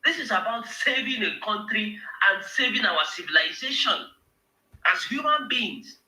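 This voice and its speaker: A man's voice: sits high, animated, a little slow, pushed and bright, roomy sound, slight background noise, low-quality recording. A man with a Nigerian accent, speaking on a live show in an emotional, emphatic rant that repeats words when heated. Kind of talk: impassioned political rant.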